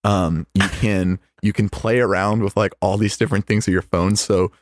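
Young American male co-host, low-pitched, loose and slangy, dry booth sound. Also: steady tone, normal speed, no echo. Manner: loose, slangy, laughs often. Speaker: podcast co-host. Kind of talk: casual chat.

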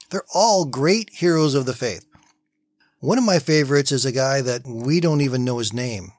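Man, devotional host, conversational storytelling, medium pitch, dry close sound. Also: dry recording. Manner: easygoing, conversational, inviting listeners to relax. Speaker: host of a daily devotional program. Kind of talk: short devotional talk with storytelling.

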